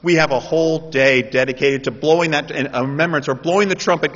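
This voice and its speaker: A man preaching a sermon, shifting between explaining and loud, impassioned pleas. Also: fairly high pitch, fairly quick, hardly any pauses. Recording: dull audio in a reverberant hall.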